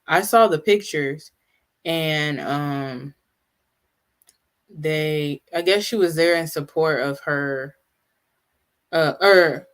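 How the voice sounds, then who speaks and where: Brief: live-stream host, halting off-the-cuff chat, mid-pitched, talks straight to viewers in the chat. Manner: chatty, answers live viewers' comments; halting, many restarts and asides.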